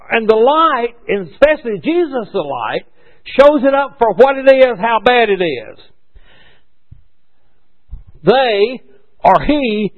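High, lively male preacher. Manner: conversational, rhetorical questions, corrects himself. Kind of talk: sermon. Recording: dull lo-fi recording.

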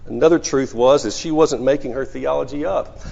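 A man's voice: medium pitch, moderate pace, creaky, dark tone. A man preaching a sermon in a conversational storytelling way, often restarting his sentences. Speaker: pastor. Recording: muffled sound in a reverberant hall.

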